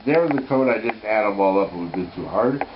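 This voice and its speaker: A man's voice: fairly low pitch, lively intonation, quick pace, noisy background. A man teaching an informal lesson on Torah codes at home. He is enthusiastic, thinks aloud and corrects himself as he goes. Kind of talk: informal Bible code lesson. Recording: slightly muffled home recording.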